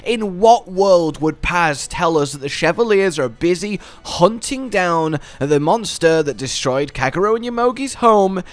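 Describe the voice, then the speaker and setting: Animated man talking game lore. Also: sits high, a little slow, few pauses. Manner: playful, jokey wordplay, animated. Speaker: gaming video host.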